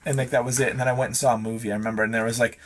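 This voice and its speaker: A man's voice: mid-range voice, little pitch movement, racing, crowd noise. A man in his thirties, a podcast guest, telling a long rambling story in casual chat, swearing often and acting out the dialogue.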